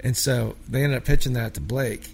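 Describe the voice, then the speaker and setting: A man's voice: mid-range voice, steady tone, moderate pace, vocal fry, darkish tone, a little hiss or hum. A man from a small town in Pennsylvania, a songwriter telling rambling, filler-heavy stories in a casual interview. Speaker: songwriter guest.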